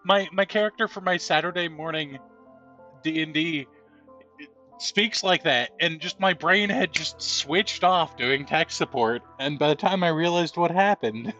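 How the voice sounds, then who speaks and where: A man's voice: on the high side, a little slow, bright, forceful tone, dull audio, soft background music. A man telling rambling anecdotes with laughs while giving casual gameplay commentary. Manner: rambling, chatty storytelling with laughs. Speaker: gameplay streamer.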